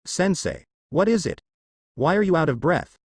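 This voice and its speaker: A man reading the lines of a brash, loud teenage ninja boy in a fan fiction, with a lively, dry delivery. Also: on the high side, moderate pace, slightly rough, no echo, pitched above the performer's own voice, heavily acted. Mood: surprised. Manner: shouting, defiant.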